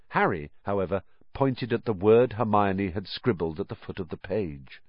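A man reading an audiobook, narrating in a measured, expressive storytelling manner. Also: lowish voice, no room sound, highs cut off. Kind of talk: scripted narration.

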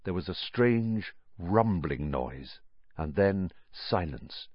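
A male narrator with a low, lively voice that rises and falls with the story. He reads at an unhurried pace. The recording is dry and somewhat muffled, with no room sound. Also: dry recording. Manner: expressive storytelling. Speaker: audiobook narrator. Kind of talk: scripted narration.

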